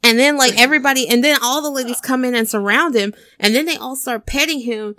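A woman's voice: high voice, quick pace, bright, forceful tone, no echo, clean studio sound. A woman telling a story in casual chat, talking loosely with plenty of filler words and acting out the scenes she describes. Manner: chatty storyteller, many "like"s, acts out scenes. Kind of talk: casual chat recapping a film.

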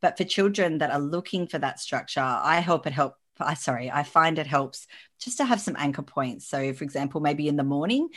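A woman's voice: low voice, expressive, brisk, a bit bright. Affirming woman podcast guest. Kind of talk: casual podcast chat.

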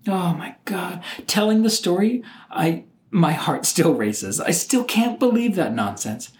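A middle-aged man telling a personal story in an animated, exasperated way, sometimes mimicking other people. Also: high-pitched, unhurried, a little hiss or hum.

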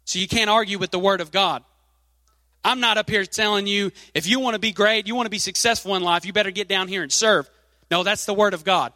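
A man's voice: high-pitched, steady tone, a little fast, bright, forceful tone, no room sound, long reverb tail. A man preaching a sermon, reading scripture aloud and leaning hard on key phrases.

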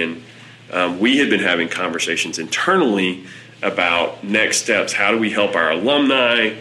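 A man, an executive director, telling a story in a conversational interview, with hesitant pauses. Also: low voice, pushed and bright, rough recording.

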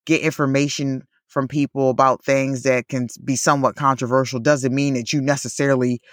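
A woman's voice: rumbling low, little pitch movement, brisk, dry recording, studio quality. A woman co-hosting a podcast in casual chat, full of "like" and "you know", laughing often. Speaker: podcast co-host.

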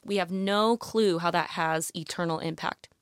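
Woman host, casual Bible teaching, animated and heartfelt, dry close sound. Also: on the low side, normal speed, smooth, no room sound. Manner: animated and emotional, often saying "you guys" and "like, literally". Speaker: Bible teacher addressing women listeners.

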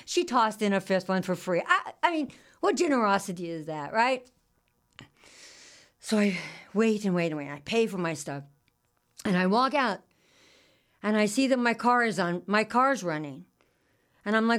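An older woman telling a personal story in a halting, confessional way, with many restarts and repeats. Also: medium pitch.

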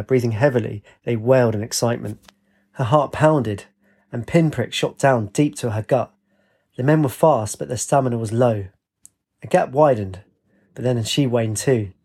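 A man narrates a story in a steady, dramatic reading. His voice is husky and sits at an ordinary male pitch. He reads at an even pace. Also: moderate pace.

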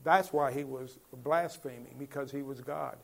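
Gravelly preacher man teaching Bible. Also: medium pitch, steady tone, normal speed. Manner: conversational, asks listeners questions, builds to emphatic points.

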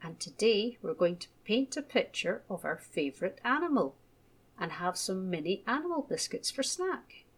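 A woman voicing a cheerful, friendly nursery teacher in a children's storybook, beaming and bright. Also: medium pitch, very animated, moderate pace, slightly rough.

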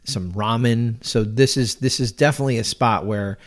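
A man's voice: medium pitch, moderate pace. A man hosting a casual chat, easygoing and chuckling as he recommends spots. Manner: easygoing, chuckling, restarts phrases. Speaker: host.

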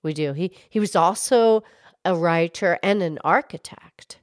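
A woman voicing a gentle female cow who calmly explains history on a children's show. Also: on the low side, unhurried, no room sound, studio quality, natural voice. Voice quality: calm, explanatory, hesitant restarts. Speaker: co-host, explainer.

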